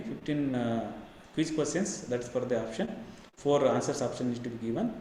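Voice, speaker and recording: A male professor with an Indian English accent, giving an online lecture in a rapid, halting way, full of fillers and repeated "then again". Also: mid-range voice, a little mellow. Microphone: webinar computer mic. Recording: very echoey room, faint background hiss.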